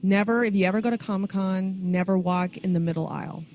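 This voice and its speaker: A woman's voice: mid-range voice, steady tone, quick pace, a little mellow. A woman guest who works at a comic shop, talking bluntly and matter-of-factly. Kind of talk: casual chat.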